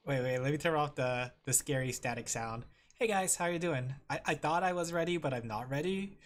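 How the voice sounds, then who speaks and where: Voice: mid-range voice, normal speed. Chatty streamer rambling to chat. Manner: chatty, rambling, laughs often, talks to chat. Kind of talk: casual livestream chat while drawing. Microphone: streaming microphone with headphones. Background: faint music.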